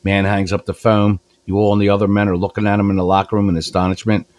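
A man's voice: lowish voice, little pitch movement, fast talker, darkish tone, no room sound. A man co-hosting a talk radio show in a studio, chatty and jovial as he tells a joke. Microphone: studio microphone.

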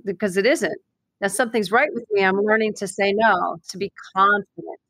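Brief: woman, advice podcast co-host, brisk and explanatory, dry and close. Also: medium pitch, steady tone, a bit bright, no echo. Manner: brisk, explanatory, playful wordplay. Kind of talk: casual advice chat.

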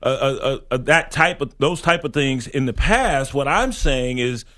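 A man co-hosting a sports radio show, joking and animated as he tells stories. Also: mid-range voice. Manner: animated, joking, quick to laugh. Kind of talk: casual sports radio chat.

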